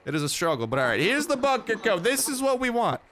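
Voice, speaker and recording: A man's voice: high-pitched, sing-song, fast talker, fairly bright tone, slight background noise. A young man in his twenties, sick, giving chatty, slangy, joking commentary over his gameplay. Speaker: gaming YouTuber.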